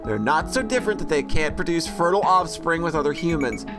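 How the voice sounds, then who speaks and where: A man's voice: fairly high pitch, lively intonation, fairly quick, music in the background. A man voicing a wisecracking teenage girl, the class clown of a visual novel, in a playful mocking way. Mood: teasing.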